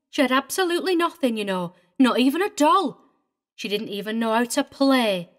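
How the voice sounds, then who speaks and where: In an audiobook reading, a woman with a fairly high voice lightly acts the part of a prim older governess. The character is tearful and speaks with fussy, indignant precision.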